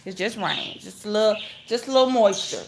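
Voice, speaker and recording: A middle-aged woman, chatting casually on a phone livestream from home and greeting each viewer with a high "hey". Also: expressive, fairly quick, creaky, background noise. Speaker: vlogger hosting a phone livestream. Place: at home, indoors. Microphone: phone held at arm's length. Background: pet birds chirping.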